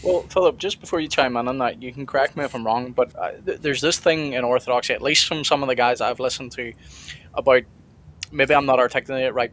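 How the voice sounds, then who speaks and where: A man's voice: medium pitch, fairly bright tone. Blunt man steering a stream discussion. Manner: blunt, direct, steering the conversation. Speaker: stream host and debater. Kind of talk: casual livestream discussion.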